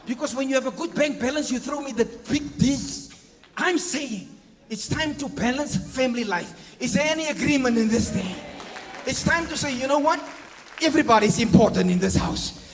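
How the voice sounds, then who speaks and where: A pastor preaching a sermon, asking the congregation for agreement and acting out family scenes with playful voices and sound effects. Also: male voice, extremely high pitch. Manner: preaching with call-and-response questions to the congregation. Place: church hall. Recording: long reverb of a church hall.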